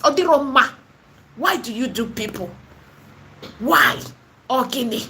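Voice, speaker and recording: High-voiced Nigerian woman preaching. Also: expressive, a little slow, pushed and bright. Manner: emphatic and repetitive, slipping into Pidgin and Igbo. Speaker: online seller and spiritual vlogger. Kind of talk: impassioned preaching monologue.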